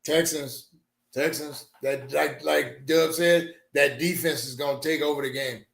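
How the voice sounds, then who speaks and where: A man's voice: fairly high pitch, fairly even intonation, a little slow, creaky, fairly bright tone, reverberant. A man on a sports show panel who gives confident, brief picks. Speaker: guest panelist. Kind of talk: casual sports chat.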